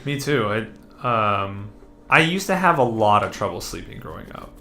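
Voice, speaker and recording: A young man co-hosting a podcast in casual chat, chatty and excitable and swearing casually. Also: lowish voice, moderate pace. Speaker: podcast co-host.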